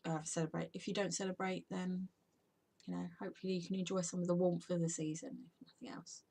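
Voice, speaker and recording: A woman's voice: lowish voice, steady tone, quick pace, gravelly, dark tone, slightly rough. A tired woman, chatting casually to camera in an unscripted home vlog, rambling and sometimes dropping to a whisper. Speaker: vlogger and podcaster.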